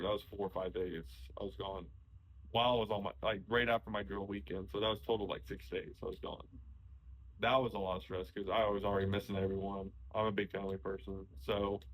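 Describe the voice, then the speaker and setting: Man, young adult, fairly low voice, casual rambling storytelling, restarts mid-sentence. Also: poor audio. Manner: relaxed storytelling, frequent restarts. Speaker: podcast host, hunter. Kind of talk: casual conversation.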